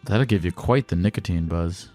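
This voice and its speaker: A man's voice: sits low, moderate pace, a little mellow, faint music behind. A man hosting a call-in show, bantering with callers in a joking, crude way. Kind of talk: casual call-in chat.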